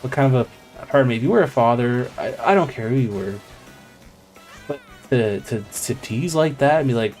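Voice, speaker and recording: A man chats casually on his live stream as he races, drifting off into a long, wandering story. His pitch sits in an ordinary middle range, and faint game music plays behind him. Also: animated, normal speed, darkish tone. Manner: rambling, digressive storytelling. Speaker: live stream gaming host. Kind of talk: casual chat while playing a racing game.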